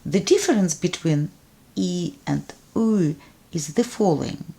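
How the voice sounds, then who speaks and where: Woman teacher going through letter sounds real slow, lowish voice, careful. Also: expressive, gravelly, dark tone, breathy edge. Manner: deliberate, enunciates sounds for repetition. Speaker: language teacher. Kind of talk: slow instructional narration.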